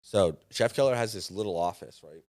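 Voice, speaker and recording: A man in his younger adult years tells a story with plenty of drive, acting out the voices of people in it. His voice sits a little on the low side. He talks like a guest on a relaxed podcast. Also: brisk. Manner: lively anecdote-telling, acts out others' lines. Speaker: podcast guest, startup founder and former chef. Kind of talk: animated storytelling.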